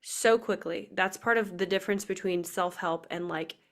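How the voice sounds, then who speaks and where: A woman's voice: on the low side, moderate pace, a bit bright. A woman in her twenties hosting a live video call, speaking in an earnest, emotional way about faith and self-worth with many casual fillers. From Nebraska. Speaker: podcast host. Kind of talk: heartfelt motivational faith talk.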